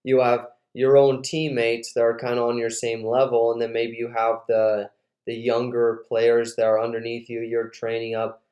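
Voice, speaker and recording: Male host, casual and animated, recorded in a roomy space. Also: mid-range voice, moderate pace. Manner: animated storyteller, lots of fillers. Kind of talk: casual interview storytelling. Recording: roomy echo.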